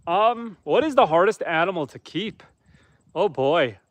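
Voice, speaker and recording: A man's voice: high-pitched, lively intonation, a little slow, no room sound. A man from Canada, a homesteader, chatting casually on a livestream outdoors by a campfire, reading viewer comments aloud and answering them.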